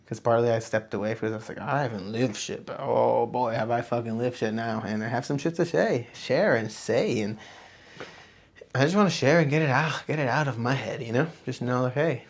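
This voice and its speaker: A man's voice: medium pitch, a little fast. A young man hosting a solo podcast, talking to camera in a rambling, profane, self-reflective way. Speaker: podcast host. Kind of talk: casual solo talk to camera. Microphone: camera on a small tripod.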